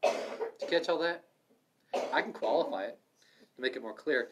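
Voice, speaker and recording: A man's voice: mid-range voice, animated, moderate pace, long pauses. Fervent man leading a Bible study, mid-range voice, punchy emphasis. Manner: fervent, emphatic preaching with sudden loud stresses. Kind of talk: livestreamed Bible study preaching. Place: room in an assisted living home.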